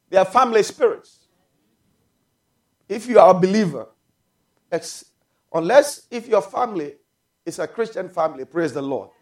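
A man preaching a sermon to his congregation, calling for amens and shouting out drawn-out phrases. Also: sits high. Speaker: pastor.

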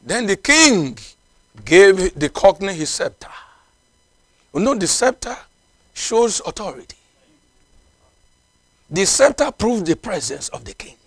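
A man's voice: sits high, very animated, takes it slowly, pauses often, a bit bright, no echo. A man preaching a sermon in a non-native English, emphatic and repetitive, with frequent exclamations of praise. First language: not English.

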